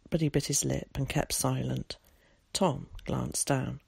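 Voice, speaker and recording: A narrator reading a novel aloud in a measured storytelling manner. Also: mid-range voice, steady tone, vocal fry, a little mellow, slightly rough, dry recording, studio quality. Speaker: audiobook narrator. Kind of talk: scripted narration.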